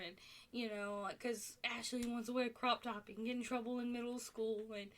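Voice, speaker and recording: A woman's voice: fairly high pitch, steady tone, a little fast. A woman talking casually at home, rambling and exasperated, with many fillers and restarts. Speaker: podcast host reviewing a TV show. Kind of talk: casual chat.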